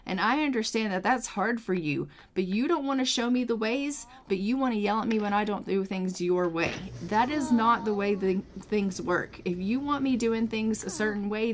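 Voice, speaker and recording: A woman's voice: mid-range voice, lightly acted. A woman voicing a frustrated young woman new to ranching, pleading and earnest with her grandmother. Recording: game chatter in background.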